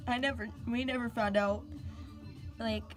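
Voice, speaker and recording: A teenage girl tells a casual storytime vlog, drawing out her words at an unhurried pace. Her voice sits slightly high and she giggles through asides and fillers, with faint music underneath. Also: steady tone. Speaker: storyteller, vlogger.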